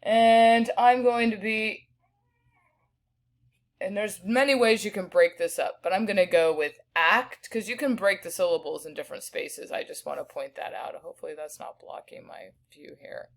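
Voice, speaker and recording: A woman teaching a recorded spelling lesson, patiently sounding out each word slowly. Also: mid-range voice. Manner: patient, slow sounding-out of words.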